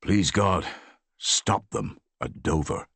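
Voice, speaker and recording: A man's voice: deep voice, slow pace, gravelly, fairly bright tone, dry recording, exaggerated voice. A man voicing a loyal, anxious royal gardener in an audiobook, with an earnest, pleading manner. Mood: worried.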